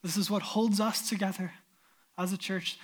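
A man's voice: high-pitched, fairly even intonation, moderate pace. Earnest male pastor preaching. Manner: earnest, storytelling, emphatic. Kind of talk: sermon with scripture reading.

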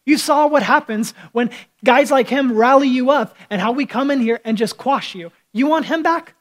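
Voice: sits high, moderate pace, pitched above the performer's own voice, lightly acted, low-quality recording. A preacher playing a middle-aged Roman governor in casual modern talk, coaxing the crowd and then taunting them. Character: Roman governor, middle-aged man, placating yet menacing.

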